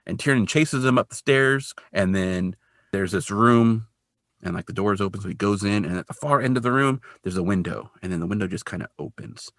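Man, podcast co-host, gravelly, dry close sound, casual recap chat. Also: lowish voice, a little fast, no room sound. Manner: animated storytelling, lots of "like".

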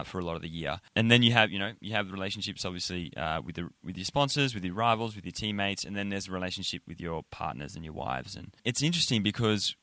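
Brief: low-pitched male podcast host with a bright, forceful tone and a rambling, filler-heavy delivery. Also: dry recording. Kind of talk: casual interview chat.

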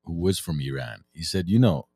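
Very deep-voiced podcast co-host. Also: male voice, expressive, normal speed, dark tone, slightly rough, dry recording. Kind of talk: casual podcast chat.

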